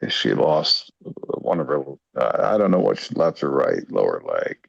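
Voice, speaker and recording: A man's voice: extremely low pitch, sing-song, moderate pace, gravelly, breathy edge, no room sound. A very tired man rambling in casual livestream chat, swearing and making jokey asides, on muffled audio. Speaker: guest.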